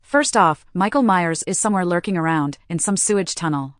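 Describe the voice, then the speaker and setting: A woman's voice: lowish voice, animated, a little fast, dry recording. A woman giving an opinionated, dry commentary in a movie review.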